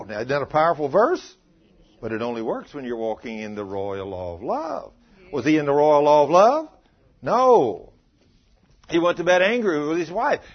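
A man preaching a sermon, telling a story with acted-out dialogue and quoting scripture. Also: mid-range voice. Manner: animated, acts out dialogue, quotes scripture. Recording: dull lo-fi sound.

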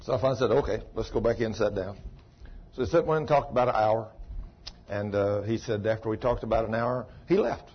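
A man preaching a sermon, telling a long story. He swings from ecstatic shouts down to a low, chatty retelling. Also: fast talker, husky. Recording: dull lo-fi recording.

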